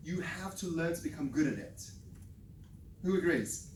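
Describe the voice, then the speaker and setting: A sales trainer giving a lively live workshop talk to a room, telling a story and checking in with the audience by asking "right?". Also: medium pitch, moderate pace, slight background noise. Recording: echoey room, mic at a distance.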